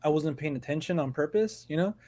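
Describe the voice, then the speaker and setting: A man's voice: fairly high pitch, fast talker, dark tone. A man co-hosting a podcast, talking in a laid-back, slangy way with plenty of fillers in casual chat. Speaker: podcast co-host.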